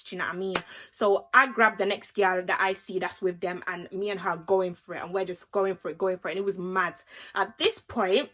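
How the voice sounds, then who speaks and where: Young girl telling a storytime vlog, animated, lots of innit and like, bright tense voice. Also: medium pitch, moderate pace. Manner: animated, acts out the voices of the people in her story; slangy, chatty, with lots of "like" and "innit". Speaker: vlogger.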